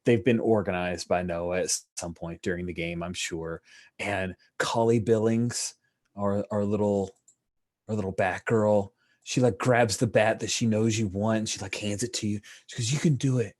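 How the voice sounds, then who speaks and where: A man acting as game master over an online call, narrating a tabletop baseball game in a relaxed, chatty way with lots of fillers and little sportscaster flourishes. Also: on the low side, moderate pace. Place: online call with screen sharing.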